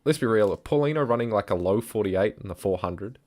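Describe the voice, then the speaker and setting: Young male streamer, joking casual commentary, slightly low pitch. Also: expressive, fairly quick, darkish tone. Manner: laid-back, joking, chatty. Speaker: livestream co-host. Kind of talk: casual watch-along commentary.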